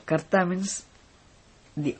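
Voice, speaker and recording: A teacher giving a philosophy lecture in a deliberate way, often stopping to check that listeners follow. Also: medium pitch, fairly even intonation, breathy edge. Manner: deliberate, repeatedly checks understanding. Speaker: spiritual teacher.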